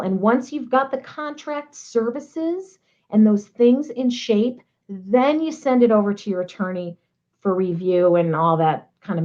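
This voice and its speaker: A woman's voice: mid-range voice, dull audio. A woman, a nonprofit technology consultant giving casual, chatty advice with playful asides. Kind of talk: casual advice talk to camera.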